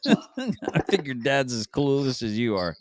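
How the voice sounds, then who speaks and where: A man's voice: medium pitch, big pitch swings, slow pace, no echo. A man hosting a stream, giving crude, mocking, rambling reaction commentary. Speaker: stream host.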